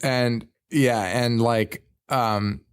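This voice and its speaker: A man's voice: mid-range voice, steady tone, very slow, smooth. A man hosting a casual movie review podcast, rambling, swearing often and laughing a lot. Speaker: podcast host.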